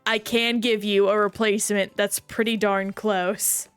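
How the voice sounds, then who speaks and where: A woman's voice: medium pitch, little pitch movement, unhurried, clean tone, dry recording, soft background music, close to an everyday voice. A woman voicing an impatient female sea witch in a made-up cartoon scene, speaking curtly. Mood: fed up.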